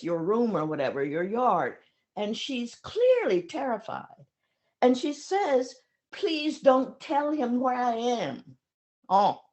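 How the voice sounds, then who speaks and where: Slow, expressive older woman storyteller. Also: a little high. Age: 70s. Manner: emotional, pausing, acts out voices in her stories. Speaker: speaker sharing memories of her teacher. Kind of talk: reflective storytelling talk.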